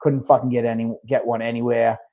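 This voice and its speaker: A man's voice: medium pitch, level tone, a little fast, vocal fry, warm tone, highs cut off. A man telling a long story on a casual podcast, rambling and swearing a lot, full of fillers like "like.". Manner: rambling, heavy swearing, lots of "like". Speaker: podcast co-host; restaurant owner.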